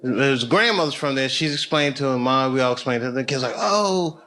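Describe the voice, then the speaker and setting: A man's voice: mid-range voice, fast talker, sharp tone. A man telling loose, profane, rambling stories as a stand-up comedian on a comedy club stage. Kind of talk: live stand-up storytelling.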